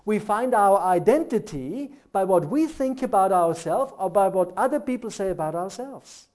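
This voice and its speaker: In a high-pitched voice at normal speed, a middle-aged man whose native tongue is German delivers a sermon with a German accent. His tone is earnest, and he works up to lively rhetorical questions.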